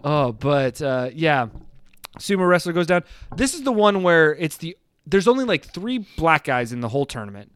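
High-voiced animated man recapping a movie. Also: moderate pace, clear, resonant tone, dry recording. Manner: animated, laughs often, acts out lines in shouted voices. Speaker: podcast co-host. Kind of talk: casual movie recap chat.

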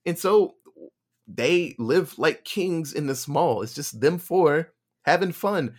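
On a podcast, a co-host casually walks through a movie's plot, acting out lines of dialogue and laughing along the way. His voice sits on the high side, and he takes his time.

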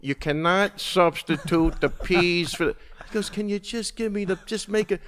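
A man with a fairly high voice tells a story in casual podcast chat. He swears freely and gets worked up as he retells it. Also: moderate pace, fairly bright tone. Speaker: MMA coach and podcast regular.

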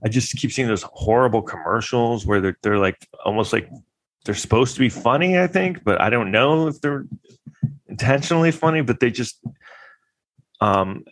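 A man's voice: mid-range voice, lively intonation, a little fast. A man talking in a rambling, wry casual monologue, full of fillers and restarts.

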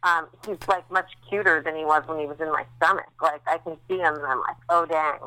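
Bright-voiced woman chatting candidly. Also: sits low, fairly even intonation, fast talker, no room sound, low-quality recording. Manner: chatty, candid storytelling with many fillers. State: recovering after recent childbirth. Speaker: podcast co-host. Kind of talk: casual chat.

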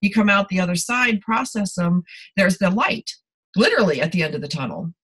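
Middle aged woman guest, chatty and candid, lots of you-knows, medium pitch. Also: sing-song, brisk, fairly bright tone, slightly rough, poor audio. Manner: candid storytelling, many fillers and restarts. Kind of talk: podcast conversation.

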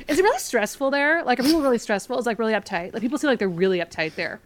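Woman doing a pushy nosy guy, smug and laid back, higher voice. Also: expressive, rapid-fire, lightly acted. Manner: prying, pushy questions.

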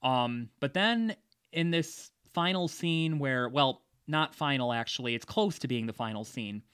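A man's voice: medium pitch, animated, unhurried, a bit bright, clean tone, no echo, studio quality. A man hosting a casual movie discussion, chatty, with frequent laughs and fillers. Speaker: podcast host.

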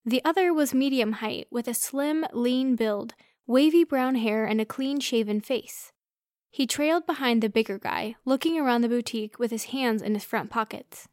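A young woman reads a first-person story aloud in a steady, expressive way. Her voice sits a bit high. The recording is close and dry. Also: moderate pace, dry recording. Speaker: narrator.

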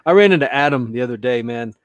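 A man's voice: medium pitch, animated, quick pace, clean tone, dry recording, dull audio. A man co-hosting a podcast, casual chat, telling stories in a laid-back way and swearing freely. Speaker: podcast co-host.

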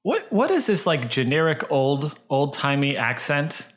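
A man's voice: on the high side, big pitch swings, measured pace, a bit bright. A man in a casual podcast chat, talking in a wry, musing way.

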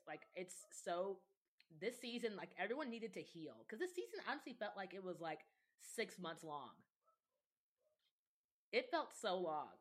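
A woman's voice: mid-range voice, big pitch swings, normal speed. A woman chatting casually and animatedly on a podcast, laughing often and acting out other people's words. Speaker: podcast guest. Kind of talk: casual chat about reality TV.

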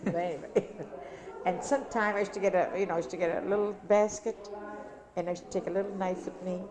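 An older woman from Italy, talking about her past in an interview in a rambling, repetitive, animated way. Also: lowish voice, fast talker. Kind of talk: casual reminiscing. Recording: crowd chatter behind.

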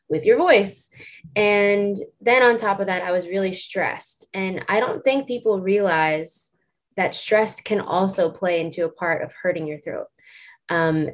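A woman in her late twenties, a singer, telling a story in casual interview chat, rambling and filling it with "like" and "um". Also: fairly low pitch. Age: late 20s. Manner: chatty, rambling storytelling full of "like" and "um". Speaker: singer and stage performer guest.

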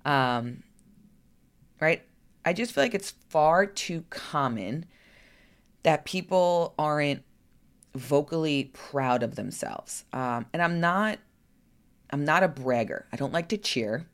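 A woman's voice: low-pitched, expressive, takes it slowly, long pauses. A woman coach talking candidly in a personal vlog, frank and chatty, now and then cursing and asking rhetorical "right?" questions. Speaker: lifestyle coach.

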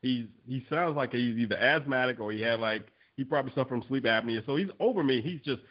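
Talking fast in a mid-range voice, a male podcast co-host tells stories in relaxed conversation, animatedly acting out quotes and often breaking into laughter. The recording has a lo-fi quality.

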